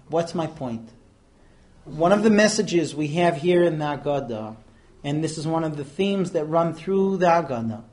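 A man with a high voice leads an informal class. He is animated, tells stories and drops in quick asides and Hebrew terms. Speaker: teacher.

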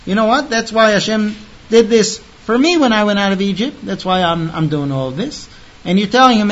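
A man with a high voice teaches a text in a dull, lo-fi recording. He rattles off the Hebrew fast, then slows down to explain each line. He sounds emphatic and talks straight to the listener. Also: expressive. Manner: chants the Hebrew quickly, then explains it in plain talk. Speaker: Torah teacher.

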